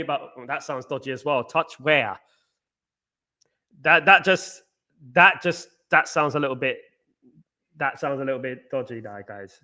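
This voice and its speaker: A man's voice: medium pitch, a little slow, long pauses, pushed and bright. A man hosting a live football watchalong stream. He chats casually with viewers and keeps singing playful chant parodies.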